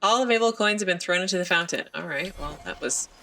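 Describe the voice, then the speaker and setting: A woman's voice: fairly low pitch, fast, sharp tone, slight background noise. A woman hosting a let's play, giving casual, chatty and playful commentary on her gameplay.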